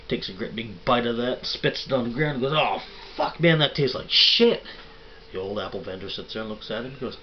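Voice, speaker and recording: A man's voice: lowish voice, lo-fi sound, slight background noise. A man casually telling dirty jokes in a rambling, folksy way, swearing freely. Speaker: vlog host telling jokes.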